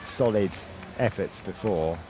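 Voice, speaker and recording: A man's voice: deep voice, measured pace, crowd noise, background noise. A man doing sports commentary, calling out the scores and the gymnasts' names with a lift in his voice. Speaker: play-by-play commentator.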